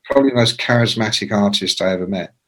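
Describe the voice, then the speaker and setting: A man in his sixties, a rock journalist telling profane, lively anecdotes as a podcast guest. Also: fairly low pitch, quick pace. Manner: lively, profane, acts out quoted voices. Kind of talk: anecdotal storytelling in a podcast interview.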